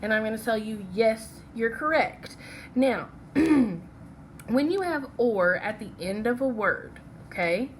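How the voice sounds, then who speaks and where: A woman teaching phonics who moves slowly and patiently through each word. She stops often to ask "okay?" before going on. Her voice sits in an ordinary middle register, with a faint hiss of noise behind it. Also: medium pitch. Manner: patient, checks in with "okay?" after each step. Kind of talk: phonics lesson with slides.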